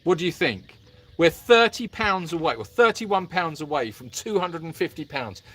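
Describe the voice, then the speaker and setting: A playful middle-aged man hosting a live stream, his voice bouncing up and down with lively animation. He teases his co-host and hams it up with mock accents, sitting a touch higher in pitch than most men. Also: moderate pace. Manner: jokey, teasing, slips into mock accents.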